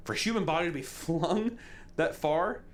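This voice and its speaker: A man's voice: a little high, normal speed. A young man hosting a reaction video, reading a list aloud with casual, jokey asides.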